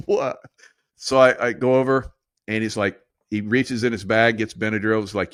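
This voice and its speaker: Rambling low-voiced man, dry sound. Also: steady tone, fast talker, clear, resonant tone, dry recording. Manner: rambling, conspiratorial, laughs often. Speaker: podcast host. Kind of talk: casual storytelling monologue.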